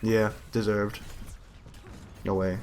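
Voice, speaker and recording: A young man coaching and reviewing gameplay in casual live-stream commentary, blunt and profane, often breaking into high laughter. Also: level tone, takes it slowly, darkish tone.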